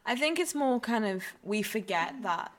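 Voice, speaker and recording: Co-hosting a laid-back podcast, a young woman studying at university talks in a northern English accent from around Newcastle, wandering off with fillers and restarting sentences. Her voice sits a little high and sounds animated at a normal pace.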